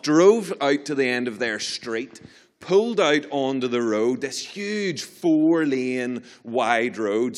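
A young Northern Irish man preaching in a storytelling way. He is animated and self-mocking, and his voice jumps up and down as he acts out the story. The tone sits at a middle pitch for a man. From Northern Ireland. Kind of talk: storytelling sermon.

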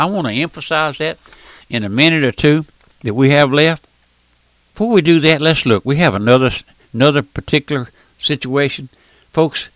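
A man's voice: medium pitch, a bit bright, no room sound. An older man preaching an earnest, emphatic radio sermon in a folksy, repetitive way.

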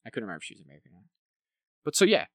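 Talking very fast in a dry recording, a man co-hosts a podcast where he casually reviews films. He rambles, leaning heavily on "like" and tag questions.

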